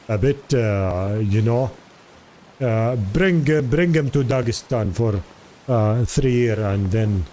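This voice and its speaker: A man's voice: mid-range voice, darkish tone, slight background noise. Chatty, rambling male streamer. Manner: rambling, chatty, many fillers, answers chat. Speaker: live streamer. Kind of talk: casual stream chat.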